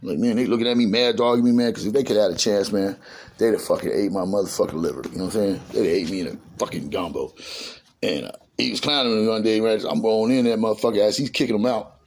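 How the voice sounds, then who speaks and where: Man, middle-aged, gravelly, husky, rambling street slang, profane storyteller. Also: on the low side, fairly even intonation, quick pace, darkish tone.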